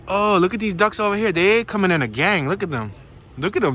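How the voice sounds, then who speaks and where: A man's voice: sits high, expressive, brisk, pushed and bright, a little hiss or hum. A man vlogging casually on a walking tour outdoors by a pond, playful and slangy as he jokes around. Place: outdoors by a pond in cold weather.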